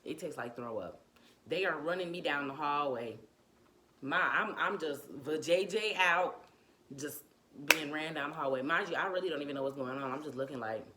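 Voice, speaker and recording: A young woman telling a casual storytime about giving birth, animated and slangy, acting out what people said. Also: low voice, moderate pace, background noise. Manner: animated, slangy, acts out quotes, laughs often.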